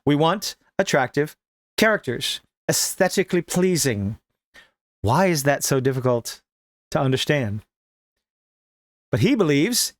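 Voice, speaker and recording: A man's voice: fairly high pitch, big pitch swings, measured pace, pauses often, no echo, studio quality. A man reading a news article aloud and mocking it with sarcastic asides. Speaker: commentary host.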